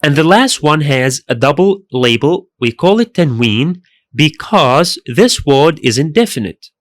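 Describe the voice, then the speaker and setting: A man's voice: a little high, sing-song, a little slow, no echo. A man teaching a pronunciation lesson in careful scripted narration, repeating each sound twice. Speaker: language teacher.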